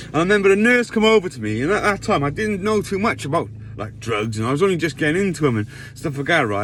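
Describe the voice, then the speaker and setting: A man's voice: on the high side, fairly bright tone, slight background noise. A man telling a rambling storytime monologue, often checking in with his listener. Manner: rambling, checks in with "right?" tags.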